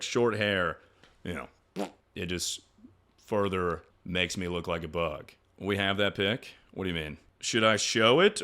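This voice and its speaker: A man's voice: lowish voice, a bit bright. A young man streaming, answering chat questions in crude, joking banter with frequent laughs and trailing restarts. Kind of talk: casual livestream chat.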